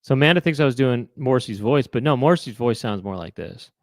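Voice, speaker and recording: A man's voice: medium pitch, expressive, fast, no room sound, studio quality. A man hosting a live online chat show, musing aloud to viewers in a rambling way, with many fillers and restarts. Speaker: host.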